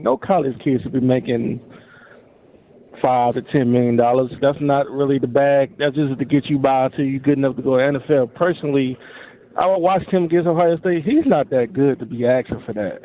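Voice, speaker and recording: A man's voice: mid-range voice, fairly quick. A man calling in to a sports radio show from a cell phone, talking in a casual, slangy way. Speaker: caller. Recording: tinny cell phone line.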